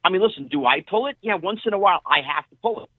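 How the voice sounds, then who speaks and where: A middle-aged man chats as a guest, spinning animated stories and slipping into the voices of the people he quotes. His voice sits slightly high and comes through a narrow, tinny phone line. The sound is dry, with no room around it. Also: very fast, no echo. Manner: animated storyteller who acts out quoted dialogue. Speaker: interview guest, actor. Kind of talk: casual interview storytelling.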